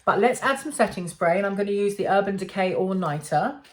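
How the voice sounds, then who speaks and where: A woman's voice: mid-range voice, animated, brisk. A woman, chatting to camera in a casual make-up review, self-amused and full of ums. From England. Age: 40s. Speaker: beauty vlogger.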